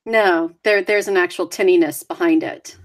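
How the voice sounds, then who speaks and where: A woman's voice: on the low side, normal speed. Playful woman on a video call. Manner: playful, teasing, laughs often. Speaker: co-host. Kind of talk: casual video chat. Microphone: USB desk microphone on a video call.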